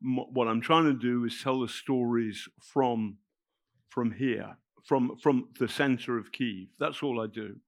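A middle-aged man, telling a personal story to an audience in a halting, emotional way with many restarts. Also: mid-range voice, no room sound, clean studio sound. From England. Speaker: festival speaker telling a story. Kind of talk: spoken anecdote to a live audience.

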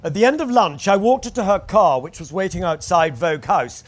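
Lively wry man reading his memoir. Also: sits high, brisk. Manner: wry, anecdotal storytelling. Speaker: memoir narrator.

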